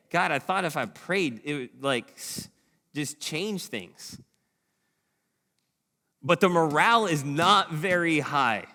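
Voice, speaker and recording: A man in his thirties preaching a sermon, lively and animated, at times chanting a call-and-response war cry. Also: mid-range voice. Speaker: pastor. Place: church hall. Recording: long hall reverb in a church.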